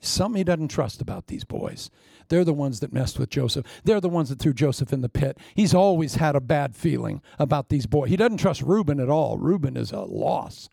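A man preaching a sermon, telling a story with lively energy and acting out the voices. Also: a little high, a little fast, gravelly, dry recording, studio quality. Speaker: pastor.

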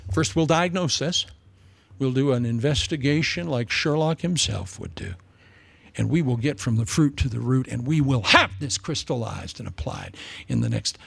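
A man voicing a glib friend who briskly diagnoses a grieving person's loss. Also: medium pitch, sing-song, vocal fry, a bit bright, slightly rough, dry recording, pitched below the performer's own voice, full character voice. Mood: smug. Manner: smug, clinical, matter-of-fact. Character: glib male know-it-all friend, briskly diagnosing grief.

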